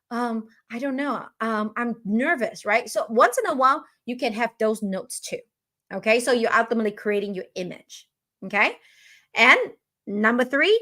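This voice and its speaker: A woman hosting a live online coaching session, talking energetically and often checking in with "right?". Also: on the high side. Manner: energetic, keeps asking "right?". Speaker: host and business owner.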